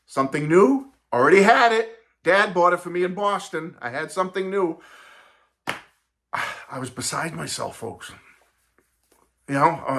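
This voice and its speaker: A man in his sixties hosting a vlog, telling a nostalgic personal story in a chatty, animated way, talking straight to his viewers. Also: a little high, a little slow, creaky, long pauses. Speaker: vlog host and record collector.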